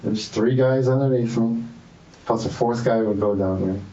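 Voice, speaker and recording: A man's voice: mid-range voice, moderate pace, warm tone. Guy rambling and repeating himself under questioning, dull lo-fi echoey room sound. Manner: rambling, repetitive, defensive. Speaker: suspect in police interrogation. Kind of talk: interrogation interview. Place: interrogation room.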